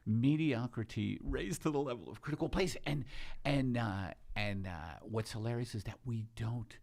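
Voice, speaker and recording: A man hosting a casual comedy chat in a studio, talking animatedly and breaking into loud bits. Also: medium pitch, normal speed, creaky. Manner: animated, bursts into loud shouted impressions. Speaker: podcast host.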